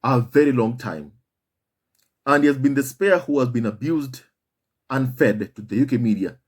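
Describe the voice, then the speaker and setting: A man's voice: medium pitch, moderate pace, slightly rough. A man hosting a commentary video, speaking emphatically and repeating himself as he addresses his viewers as family. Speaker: commentary channel host. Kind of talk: impassioned commentary monologue.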